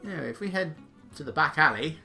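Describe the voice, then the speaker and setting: A man talks casually over gameplay with a bright, forceful voice, laughing as he goes. Faint game music plays underneath. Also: a little high, lively intonation, fast talker, gravelly. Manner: chatty, laughs, reads game text aloud. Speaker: let's play host.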